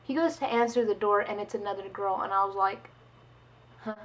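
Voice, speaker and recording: A young woman vlogger telling a story in casual chat, chatty and animated, with many "like"s and quoted dialogue. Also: medium pitch, a little fast, rough recording.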